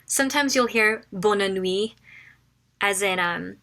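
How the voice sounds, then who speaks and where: A woman runs through a casual phrase lesson in a chatty, informal way. Her tone is bright, and she repeats each phrase slowly so learners can follow. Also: medium pitch. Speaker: French phrase teacher.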